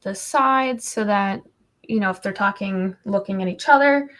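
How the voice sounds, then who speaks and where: A woman's voice: mid-range voice, moderate pace, fairly bright tone. A woman comic artist talking casually on a livestream, explaining her process with many ums and you-knows.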